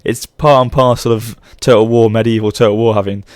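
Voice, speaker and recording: A man's voice: lowish voice, steady tone, a little fast, a little mellow, no echo, clean studio sound. A man in his thirties giving rambling, casual let's play commentary, often correcting himself mid-sentence. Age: 30s. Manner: chatty, rambling, frequent self-corrections. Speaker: gaming channel host.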